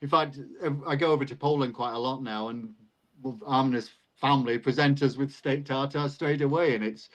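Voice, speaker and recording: A retired teacher in his sixties, a guest on a live video call, telling stories in a casual chatty way and jumping up in pitch as he recounts exchanges. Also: normal speed, low-quality recording. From England. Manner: lively storyteller, pitch jumps up when recounting exchanges. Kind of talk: casual anecdotal storytelling.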